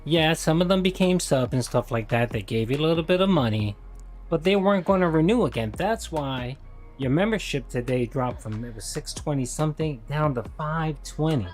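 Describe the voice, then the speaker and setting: A man's voice: a little high, lively intonation, normal speed, soft background music. A man co-hosting a live stream, recapping drama in a rambling way with lots of fillers. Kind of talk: casual recap commentary.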